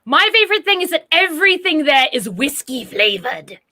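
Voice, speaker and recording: A woman co-hosts a comedy show in character, prim and playfully teasing. Her high, bright voice moves lively through each line. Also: moderate pace. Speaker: co-host.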